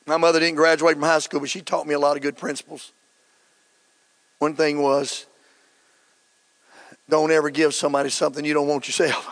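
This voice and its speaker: A middle-aged male pastor delivers a sermon with fervent energy. His voice sits a little high for a man and swells into shouted emphasis, and he acts out quoted lines as he goes. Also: level tone, brisk, pauses often.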